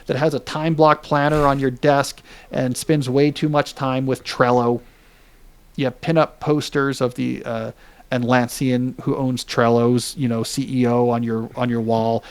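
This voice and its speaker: A man's voice: medium pitch, level tone, unhurried, clean tone. A man in his forties hosting a podcast, explaining ideas in casual chat with joking asides. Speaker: podcast host.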